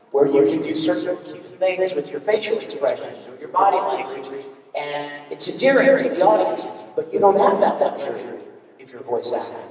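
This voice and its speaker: Male voice actor as panel guest, animated storyteller, a touch high, recorded far from the mic in a reverberant hall. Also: muffled recording. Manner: animated, acts out examples with big swings. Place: convention panel room.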